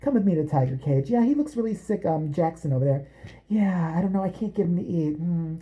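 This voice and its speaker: A woman's voice: lively intonation, brisk, lightly acted. A woman mocking a sweet-talking sly lady. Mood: sugary coaxing. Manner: soft, low, coaxing tone that turns to cursing. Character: sugary-sweet middle-aged woman, sly and menacing, prone to rage.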